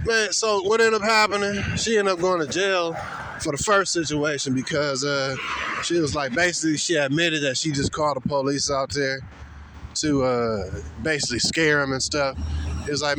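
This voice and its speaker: A man's voice: on the high side, normal speed, noisy background. A man giving a blunt, slangy, scornful ranting commentary. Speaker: commentary vlogger.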